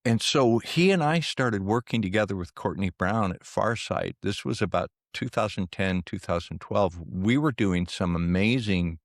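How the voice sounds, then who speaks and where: A man with a very low, gravelly voice talks as an interview guest. He tells his stories with energy and acts out the dialogue of the people in them. The sound is close and dry, with no room echo. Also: moderate pace, hardly any pauses. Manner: animated storyteller who acts out quoted dialogue. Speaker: podcast guest, remote viewer. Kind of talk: conversational storytelling.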